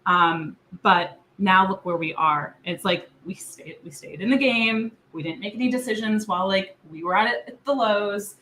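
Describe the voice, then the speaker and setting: A woman speaking on a panel in a reflective, halting way, with many likes and restarts. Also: mid-range voice, pushed and bright, a little hiss or hum, low-quality recording. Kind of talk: casual panel talk.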